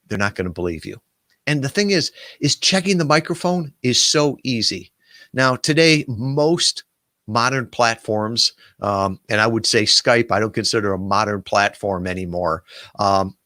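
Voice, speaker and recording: A man who runs a podcast guest agency, telling a story and giving casual advice with lively, filler-filled delivery. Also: on the low side, no echo, clean studio sound. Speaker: podcast booking agency owner.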